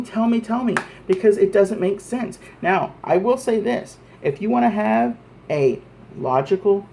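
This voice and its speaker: A man's voice: high voice, a little mellow. A man vlogging an angry, profane rant to camera, repeating himself as he presses his points.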